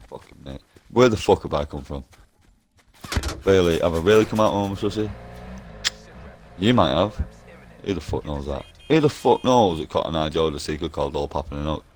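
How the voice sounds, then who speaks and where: Speaking through a gaming headset in an online voice party, a man keeps up a rambling, conspiratorial monologue full of heavy swearing. His voice sits low and is a little mellow and animated, at a moderate pace with long pauses.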